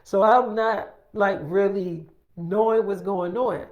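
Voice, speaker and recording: A woman's voice: medium pitch, slow, highs cut off. Casual, profane woman telling a made-up story. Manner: casual, profane, acts out quoted dialogue. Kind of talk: improvised first-person storytime.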